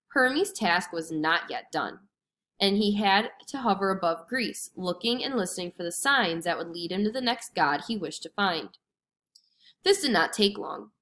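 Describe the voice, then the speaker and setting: A woman reading a storybook lesson aloud to children with expressive, clear storytelling. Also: mid-range voice. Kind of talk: storybook read-aloud narration.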